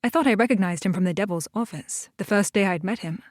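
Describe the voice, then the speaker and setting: A woman giving a steady first-person audiobook narration. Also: mid-range voice, quick pace, no room sound, studio quality.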